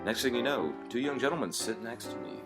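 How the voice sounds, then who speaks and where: A man co-hosting a comedy talk show, telling an anecdote in a dry, halting way with many ums. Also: mid-range voice, animated, over music. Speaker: podcast co-host. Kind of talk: storytelling comedy chat.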